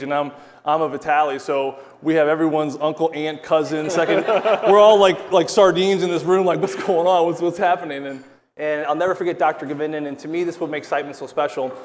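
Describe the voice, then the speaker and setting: A hockey broadcaster telling a personal story on an event stage before a live audience, earnest and reliving past conversations. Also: male voice, a little high. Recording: long hall reverb from a live event.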